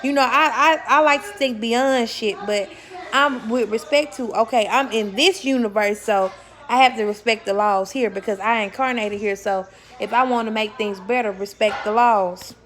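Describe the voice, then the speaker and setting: A woman's voice: a little high, normal speed, fairly bright tone. A young woman talking casually to her viewers about spirituality, blunt and swearing freely, often repeating words for emphasis and laughing as she talks. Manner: laughs while talking, self-correcting. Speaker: spiritual vlogger. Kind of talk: casual spiritual talk to camera.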